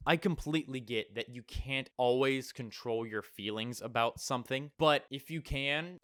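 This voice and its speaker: A man's voice: on the high side, fairly bright tone. Man reading stories with incredulous outbursts. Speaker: YouTuber reading reddit stories. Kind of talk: story reading with reactions.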